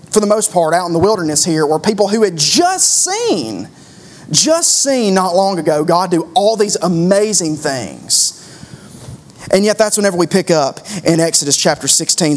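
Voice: medium pitch, animated, normal speed. A preacher giving a conversational sermon, driving points home with rhetorical questions and repeated phrases.

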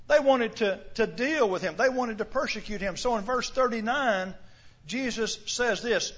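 A man's voice: sits high, animated, moderate pace, fairly bright tone, husky, highs cut off. A man preaching a sermon in an earnest, questioning way, often repeating words as he starts a sentence.

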